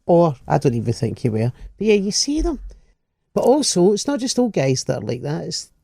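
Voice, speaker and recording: A man's voice: a little high, huge pitch swings, fairly quick, creaky, dark tone, no room sound. A Glaswegian man chatting on a comedy podcast, sweary and ranting as he mocks other people's voices. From Scotland. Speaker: comedian co-host. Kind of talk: casual comedy podcast chat.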